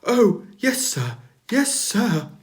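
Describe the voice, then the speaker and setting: A man's voice: sits high, sing-song, very slow, pitched above the performer's own voice, full character voice. A man voicing a timid, eager little green tank engine in a storybook reading, polite and keen.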